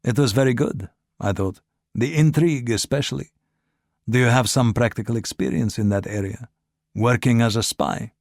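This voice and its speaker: A man voicing an obsequious, educated male agent who talks smoothly and persuasively, pressing with questions. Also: medium pitch, moderate pace, a little mellow, dry recording, clean studio sound, close to an everyday voice.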